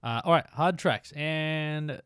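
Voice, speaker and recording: A man streaming a motorbike game live, chatting excitedly to his viewers while he plays. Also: fairly high pitch, a little slow, clean tone, no echo, clean studio sound. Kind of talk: live-streamed gameplay chat.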